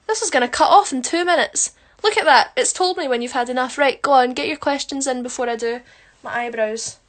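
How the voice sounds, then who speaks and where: A young woman chatting casually on a phone livestream at home, reading out comments, dropping into murmured asides between lively bursts and lots of ums. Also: high voice. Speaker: musical theatre performer on a live stream. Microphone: phone camera close up.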